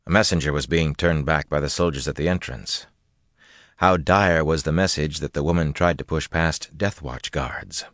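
A man narrating a fantasy novel as an audiobook, reading in a steady, even manner. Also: extremely low pitch, normal speed, no echo, studio quality. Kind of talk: scripted narration.

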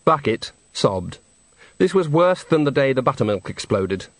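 Male audiobook narrator, wry and animated, dry close mic. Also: medium pitch, normal speed, no room sound. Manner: wry, lively storytelling.

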